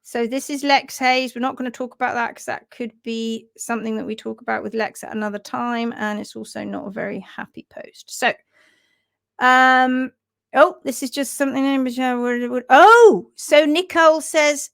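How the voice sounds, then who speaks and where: A woman hosts a chatty live stream about horse care, giggling easily. Her voice is high, bright and gravelly, and the sound is close and dry with no room sound.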